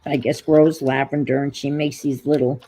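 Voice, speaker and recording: A woman's voice: very deep voice, level tone, normal speed, dark tone, slightly rough, low-quality recording. A woman with a New York accent hosting a casual crafting livestream, rambling and trailing off as she searches for words.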